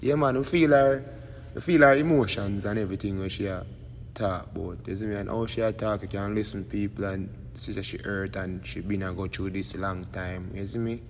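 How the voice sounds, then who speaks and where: A man's voice: fairly low pitch, fairly quick. A man with a Jamaican accent giving rambling casual commentary as a YouTube host, tagging lines with "you see me". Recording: long reverb, faint background noise.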